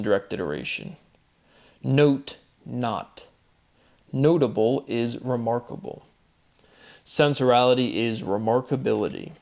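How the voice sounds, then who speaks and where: A man giving a solo monologue of word derivations, methodical and repetitive, his voice dropping quietly at the end of each set phrase. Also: mid-range voice. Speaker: host. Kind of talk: solo recorded commentary.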